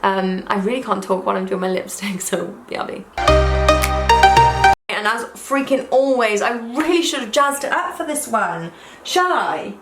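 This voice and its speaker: Over music, a young adult YouTuber's fairly high, animated voice moves at a moderate pace as she does her makeup in a room at her house. Her get-ready-with-me chat is rambly and gushing, peppered with "like" and "um," recorded in an echoey space with faint ambience.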